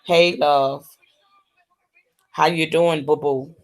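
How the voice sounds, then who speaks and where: Lady talkin slow on her livestream, sweet-talking the chat, lots of baby and honey. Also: deep voice, fairly even intonation. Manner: slow, drawling, full of terms of endearment. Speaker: livestream host. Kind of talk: casual livestream chat with viewers.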